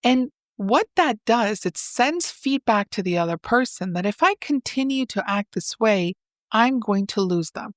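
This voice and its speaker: A woman psychotherapist, a podcast guest, explaining relationship ideas in a lively way and acting out example lines. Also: on the high side, unhurried, no room sound, clean studio sound. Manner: animated, acts out example dialogues. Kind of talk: explanatory interview talk.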